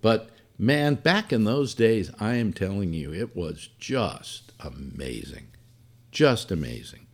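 A man's voice: fairly low pitch, expressive, slow, a little mellow. An older man, a former radio personality, telling rambling stories about his career in a casual monologue with lots of fillers and colorful asides. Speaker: former radio host reminiscing.

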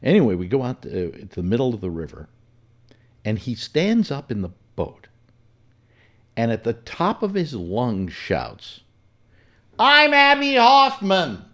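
Rambling male storyteller, lively pitch. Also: normal speed, long pauses. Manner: rambling, with many fillers and self-corrections. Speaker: storyteller recalling personal memories. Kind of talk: casual storytelling.

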